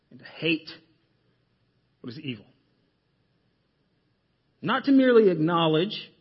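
A man preaching a sermon in a church, emphatic and full of rhetorical questions, often dropping his voice low to stress a point. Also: husky, highs cut off. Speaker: pastor. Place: church sanctuary.

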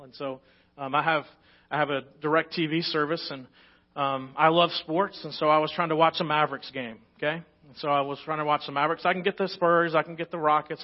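A Texan man preaches a sermon in a fairly high voice, swinging between animated, quick storytelling and quieter earnest exhortation. The recording sounds a little dull and lo-fi. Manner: animated storytelling, rising loud and fast in anecdotes. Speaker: pastor.

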